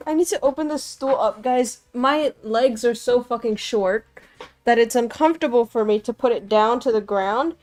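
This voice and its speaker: A woman's voice: fairly high pitch, measured pace, pauses often, darkish tone, dry recording, faint music behind. Chatty young woman vtuber playing a game, close dry mic, greeting chat. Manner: chatty, switches languages, greets chat playfully. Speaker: vtuber streamer. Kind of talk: casual live-stream chat and reading aloud.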